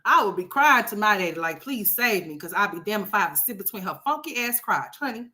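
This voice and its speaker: A woman's voice: medium pitch, animated, fast talker, slight background noise. A woman from Oklahoma hosting a commentary stream, ranting brashly with a lot of profanity. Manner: brash, profane, loud sassy rants. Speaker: commentary host. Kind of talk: livestream commentary on a reality video.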